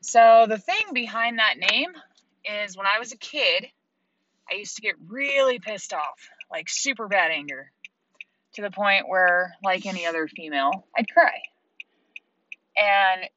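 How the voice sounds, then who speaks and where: A woman in her thirties, a single mother, telling a story to camera in a blunt, heavily profane and animated way. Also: mid-range voice, no echo, highs cut off. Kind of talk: casual monologue to camera.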